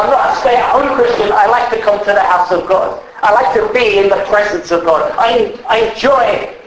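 A man's voice: sits high, roomy sound, a little hiss or hum, rough recording. A man preaching a sermon in a church, exhorting his congregation with repeated rhetorical emphasis.

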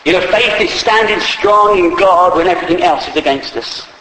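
Man, preacher, sermon, emphatic, very high voice, long hall reverb, faint background ambience. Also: normal speed, bright, forceful tone, slight background noise. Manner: emphatic, spells words out, acts out believers' voices.

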